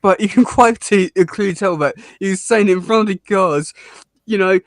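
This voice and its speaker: Man co-host in a casual review chat, slightly high voice, stop-start and hesitant delivery, dry close sound with no room echo. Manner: halting, many restarts and fillers, laughs often. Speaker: podcast co-host reviewing a cartoon episode.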